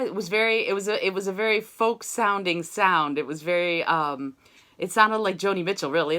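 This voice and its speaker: A woman's voice: on the low side, fairly quick, sharp tone. A woman voice teacher giving an online singing lesson over a video call, explaining technique and singing short demonstration syllables.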